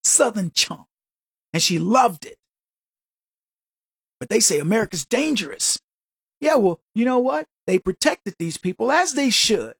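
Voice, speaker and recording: Male talk radio host, sarcastic and animated, husky voice, dry studio sound. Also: high voice, a little slow, pauses often, dry recording. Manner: animated, sarcastic rhetorical questions. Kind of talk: opinionated radio monologue.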